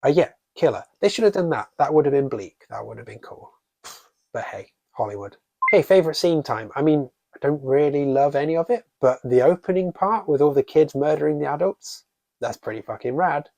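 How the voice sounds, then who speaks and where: A man's voice: a little high, expressive, fairly quick, vocal fry, darkish tone, dry recording. Sarcastic, foul-mouthed male film reviewer. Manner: sarcastic, swears freely. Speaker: horror book and film reviewer. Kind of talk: casual scripted review.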